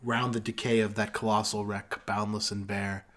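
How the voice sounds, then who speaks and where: A man co-hosting a podcast, reciting a poem slowly and solemnly with a falling voice. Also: lowish voice, flat delivery, a bit bright. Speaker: podcast co-host. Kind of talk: casual chat, then dramatic poem recitation.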